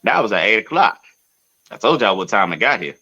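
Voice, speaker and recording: A man hosting a podcast, telling a long story in a casual, profane way with sudden loud outbursts. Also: fairly low pitch, very animated, a little fast, dull audio. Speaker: podcast host.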